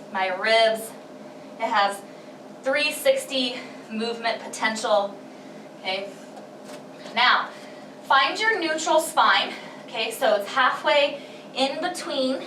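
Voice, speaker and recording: Breathy pilates instructor woman, echoey room. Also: high-pitched, fairly bright tone, a little hiss or hum. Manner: encouraging, counts breaths and reps aloud. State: slightly out of breath. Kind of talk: guided workout instruction. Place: home workout space. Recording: echoey room, mic at a distance.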